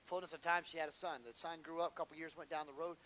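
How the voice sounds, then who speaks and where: A man preaching a sermon as pastor, storytelling and building to impassioned shouts. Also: on the high side, fairly even intonation, quick pace, slight background noise.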